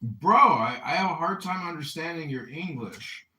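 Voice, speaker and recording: A man hosting a casual talk show, teasing a caller in a deadpan, mock-earnest way. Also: on the high side, normal speed, echoey room, far from the mic, slight background noise. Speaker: host. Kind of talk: casual chat, teasing call.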